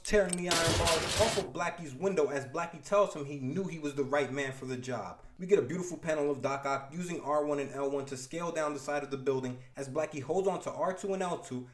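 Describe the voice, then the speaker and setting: A man casually recapping a comic book issue with playful, wisecracking asides. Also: fairly high pitch. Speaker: podcast host.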